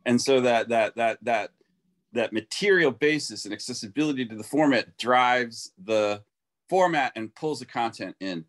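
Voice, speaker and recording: Man chasing ideas out loud. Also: mid-range voice, moderate pace. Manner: enthusiastic, thinking aloud in long run-on ideas. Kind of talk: casual conversation.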